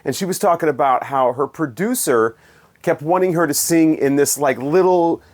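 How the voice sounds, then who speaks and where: A man's voice: on the high side, moderate pace. A man giving a casual spoken album review in a sarcastic, dismissive, rambling way.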